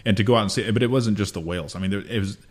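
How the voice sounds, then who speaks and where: Deep-voiced laid-back man. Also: rapid-fire. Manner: laid-back, reflective, filler-heavy. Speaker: podcast co-host. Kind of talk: casual chat.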